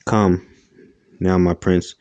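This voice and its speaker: A domineering, scheming young woman who gives orders in a smug, level way, as a man with a low, dark voice reads her lines. The delivery stays flat and even, and the recording is close and dry. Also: takes it slowly, dry recording. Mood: commanding.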